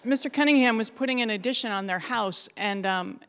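A middle-aged woman from Alaska telling a funny personal story to an audience in a lively, self-mocking way, laughing often. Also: fairly high pitch, fairly quick. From Alaska, USA.

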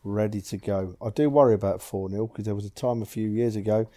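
Relaxed middle-aged man, mellow voice. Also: on the low side, brisk, dry recording, clean studio sound. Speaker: podcast guest. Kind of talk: casual chat.

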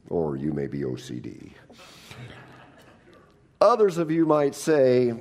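Gravelly-voiced pastor preaching a sermon. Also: male voice, medium pitch, huge pitch swings, slow, long pauses, darkish tone, long reverb tail. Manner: humorous, acts out quoted people in raised voices. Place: church.

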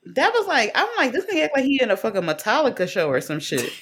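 A woman's voice: a little high, quick pace. A young woman in her twenties, co-hosting a casual chat and telling stories with lots of laughter and cursing. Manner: animated storytelling with frequent laughter and profanity. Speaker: podcast co-host.

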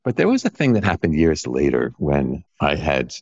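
A man's voice: rumbling low, wildly swooping pitch, normal speed, a little mellow, husky, dull audio. A middle-aged man from Long Island, an architect guest talking reflectively and earnestly in an interview, often restarting his sentences. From Long Island, New York. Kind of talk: conversational interview.

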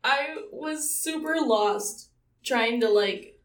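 A woman's voice: on the high side, takes it slowly, fairly bright tone, reverberant, distant mic. A young woman co-hosting a casual podcast, giggly and swearing freely as she tells stories. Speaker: podcast co-host.

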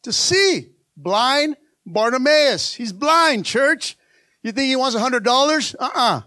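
A man's voice: very high voice, expressive, slow, bright, forceful tone, no room sound. A man preaching a rousing sermon, calling on the congregation and repeating lines for emphasis. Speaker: pastor.

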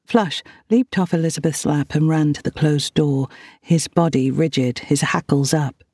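A woman reading an audiobook in a measured, gentle narration. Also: sits low, dry recording, clean studio sound. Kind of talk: scripted narration.

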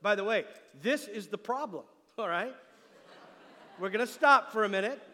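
High-voiced man preaching in an echoey hall. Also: lively intonation, normal speed, bright, forceful tone. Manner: emphatic preaching, asks the congregation "Amen?". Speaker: pastor. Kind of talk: sermon with live demonstration. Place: church sanctuary.

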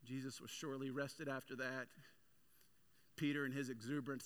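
A male pastor preaching a sermon with energetic, animated storytelling. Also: mid-range voice, normal speed.

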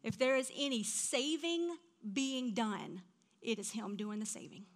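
A middle-aged woman preaching a sermon, telling stories in an animated way that drops to a hush and rises to loud outbursts. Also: fairly high pitch, a little slow. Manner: animated storytelling, swings from hushed to loud.

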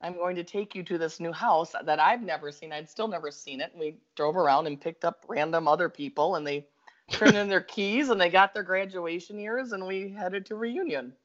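A woman's voice: fairly low pitch, moderate pace. Chatty Minnesotan woman telling a story. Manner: animated, laughs often, talks in bursts. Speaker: guest storyteller. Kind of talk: casual storytelling chat. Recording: slightly dull lo-fi audio.

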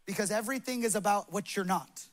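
A young adult male pastor preaching a loud, passionate, animated sermon to a congregation in a church hall. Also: sits high, fast talker.

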